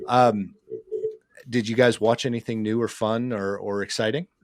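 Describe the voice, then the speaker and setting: A man's voice: fairly low pitch, fairly even intonation, normal speed, no echo, clean studio sound. A man co-hosting a podcast, chatting casually over a laggy video call and rambling a little as he goes. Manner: rambling, talks over others. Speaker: podcast co-host. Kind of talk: casual chat.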